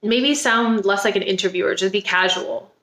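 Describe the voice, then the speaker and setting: A woman plays a dating coach who stays calm and measured under pressure. She sounds exasperated, in a roomy, echoey space. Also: mid-range voice, natural voice. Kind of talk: comedy sketch podcast.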